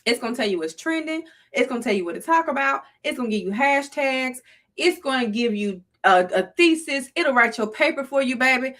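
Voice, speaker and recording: Bright, animated Southern woman streaming. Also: sits high, a little fast. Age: middle-aged. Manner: animated, preachy and playful, talks to her chat. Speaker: livestream host. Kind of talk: casual livestream monologue.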